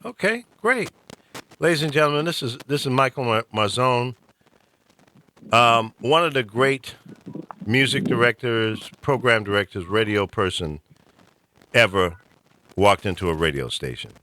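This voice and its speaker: A man's voice: mid-range voice, expressive, a little slow, pauses often, sharp tone, slight background noise. A middle-aged man from the American South hosting a call-in talk show, ranting animatedly and preachily. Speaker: host.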